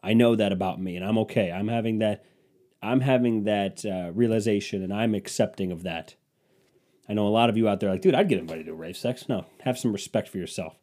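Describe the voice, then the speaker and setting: A man's voice: on the low side, fairly even intonation, a little fast, mellow. A young man hosting a podcast, riffing in a rambling, self-mocking, crude comedic monologue. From Cleveland, Ohio. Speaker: podcast host.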